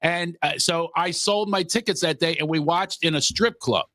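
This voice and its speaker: A man's voice: on the high side, moderate pace, noisy background. A man from Philadelphia, a guest comedian, rambling and joking about himself with many restarts. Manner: rambling, self-mocking, frequent restarts. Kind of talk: casual comedy podcast chat.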